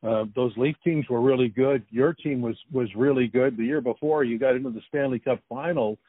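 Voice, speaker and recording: A man's voice: mid-range voice, brisk, no room sound. Male host talking over a tinny line. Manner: conversational, hedging with "I mean". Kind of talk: interview questions. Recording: tinny phone-like dry line.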